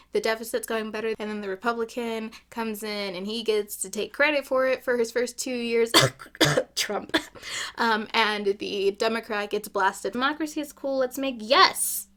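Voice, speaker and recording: A woman's voice: on the high side, normal speed, a bit bright. A woman giving casual gameplay commentary, chatty and opinionated, with jokey asides. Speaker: gaming YouTuber.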